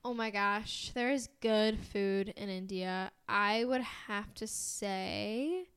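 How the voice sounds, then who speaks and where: This podcast co-host, a young woman from the United States with an American accent, speaks slowly in a mid-range voice with a fairly bright, clean tone. Her casual chat rambles along with plenty of fillers and giggles.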